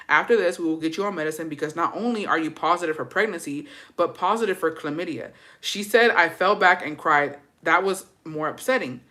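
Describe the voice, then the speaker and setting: A woman hosting a casual gossip show, reading viewer stories aloud and reacting with animated, profane commentary that drops Spanish words. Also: fairly low pitch.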